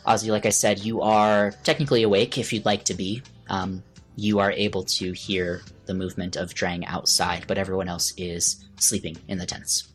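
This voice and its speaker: A man narrating a tabletop game as game master, descriptive and unhurried, with frequent fillers. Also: low voice, flat delivery, soft background music.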